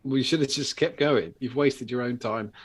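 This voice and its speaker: A British man hosting a live vape show, chatting casually and telling sweary, lively stories and acting out the people in them. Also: mid-range voice, normal speed, husky. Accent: British English. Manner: sweary storytelling, acting out other people's voices. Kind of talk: casual chat.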